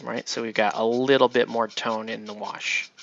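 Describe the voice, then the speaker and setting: A man's voice: medium pitch, level tone, normal speed, vocal fry, fairly bright tone, slight background noise. A man hosting a casual painting tutorial, chatty and rambling as he works, often checking in with "right?". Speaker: miniature painting host. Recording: dull lo-fi dry sound.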